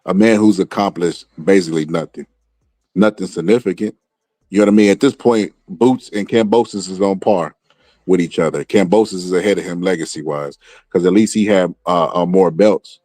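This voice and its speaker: A man giving casual reaction commentary on boxing, animated and full of streetwise slang, repeating his phrases as he talks. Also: sits low, normal speed, no room sound, studio quality.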